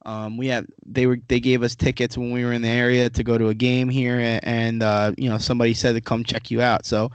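A man's voice: medium pitch, flat delivery, fairly quick, hardly any pauses, clear, resonant tone, no room sound. A man hosting a podcast, chatting casually in a joking, teasing way with some swearing, close to a studio microphone. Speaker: podcast host.

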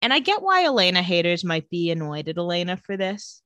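A woman co-hosting a casual chat, retelling scenes and quoting characters in quick voices. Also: on the low side, big pitch swings, fairly bright tone, dry recording. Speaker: podcast co-host recapping a TV episode.

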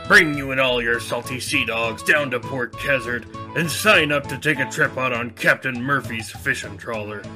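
A man's voice: mid-range voice, moderate pace, few pauses, lightly acted. A man voicing a boisterous pirate ship captain in a comedic parody ad, with bawdy growled interjections. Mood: hearty, salesy. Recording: ad with loud guitar music behind.

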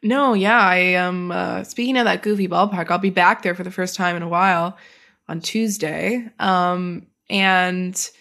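A woman's voice: on the low side, unhurried. Woman reporter chatting casually, frequent ums. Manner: relaxed, thinking aloud with frequent ums. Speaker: baseball reporter, co-host. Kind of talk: casual sports chat.

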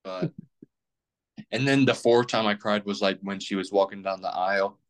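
A man's voice: on the low side, fairly even intonation, a little fast. A young man in his twenties, a podcast guest rambling casually with plenty of fillers and restarts. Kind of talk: casual chat.

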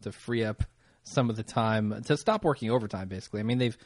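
A man co-hosting a casual podcast, easygoing and quick to laugh as he walks through an episode recap. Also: lowish voice, darkish tone, dry recording, clean studio sound. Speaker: podcast co-host.

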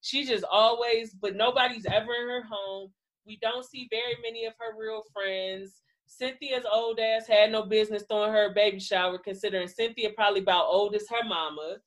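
A woman's voice: medium pitch, fairly even intonation, a little fast, low-quality recording. Blunt, profane woman recapping reality TV. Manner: blunt, profane, laughing often. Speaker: podcast co-host. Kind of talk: casual reality-TV recap chat.

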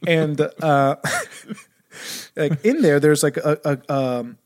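A man's voice: a little high, takes it slowly. A man chatting as a podcast guest, telling stories in a rambling, profane, comic way. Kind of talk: casual chat.

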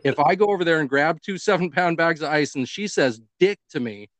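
A brisk podcast co-host with a voice on the high side tells a story while chatting casually, bringing its characters to life in an animated way. No room sound is audible.

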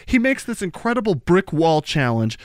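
Brief: young male podcast co-host, animated and laughing, dry close sound. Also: a little high, normal speed, dry recording. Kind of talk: casual sports chat.

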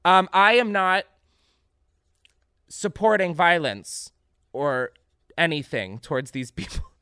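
A young man with a somewhat high voice rants through a casual vlog monologue. His pitch leaps around as he swears and complains, and the recording is dry with no room sound. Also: slow, clear, resonant tone, dry recording. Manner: animated, profane, ranting. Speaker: vlogger host.

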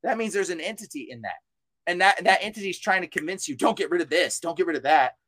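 A man's voice: high voice, animated, quick pace, fairly bright tone, no room sound. A man talking as an exorcist guest on a podcast, fervent and insistent, repeating himself and mixing in casual slang. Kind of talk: preachy podcast talk.

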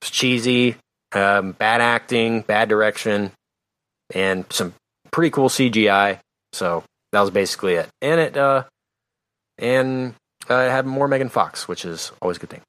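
A man's voice: lowish voice, normal speed, a bit bright, no echo. A man co-hosting a podcast in casual chat, offhand and hesitant with many fillers. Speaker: podcast co-host.

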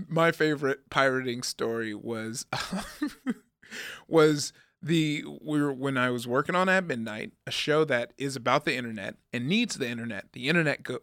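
A man's voice: medium pitch, a bit bright, dry recording, studio quality. A man in his thirties co-hosting a podcast, rambling and joking, laughing often. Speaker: podcast co-host. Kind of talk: casual chat.

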